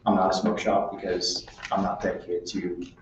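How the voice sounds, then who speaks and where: A man's voice: low-pitched, completely flat delivery, moderate pace, noisy background. A man answering questions at a committee meeting in a careful, explanatory way. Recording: distant echoey chamber, dull sound.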